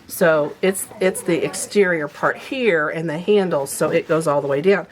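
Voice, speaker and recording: A woman talks through a sewing project in an easygoing, chatty way, walking the listener through each step as she works. Her voice sits a little low for a woman, and there is a faint hiss behind her. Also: moderate pace. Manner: chatty, explains step by step while handling materials. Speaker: sewing instructor. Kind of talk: casual sewing demonstration.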